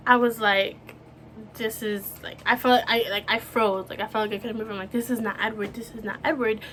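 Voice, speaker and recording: Emotional young woman, halting storytelling. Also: a little high, a little hiss or hum. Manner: emotional, halting, many restarts and "like". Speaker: vlogger. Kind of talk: personal storytelling to camera.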